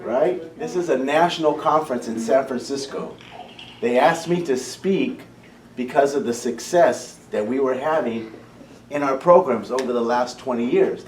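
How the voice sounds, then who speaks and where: A man's voice: medium pitch, a little mellow. A man who founded a community program, speaking passionately to parents, often restarting his phrases. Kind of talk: impassioned public talk. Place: school meeting room. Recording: echoey room, distant mic, faint hum.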